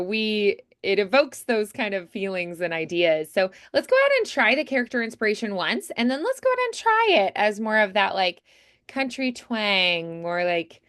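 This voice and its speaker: A woman's voice: medium pitch, a bit bright, clean tone, no room sound, clean studio sound. A woman coaching a voiceover student in an encouraging, chatty way with many fillers. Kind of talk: coaching feedback, conversational.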